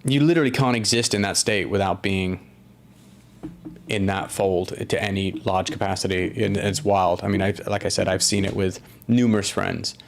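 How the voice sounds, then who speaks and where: A man's voice: low-pitched, fairly even intonation, normal speed, creaky, a little hiss or hum. A man hosting a casual live-stream chat, rambling through viewer comments with lots of fillers, restarts and swearing. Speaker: podcast host reading viewer comments.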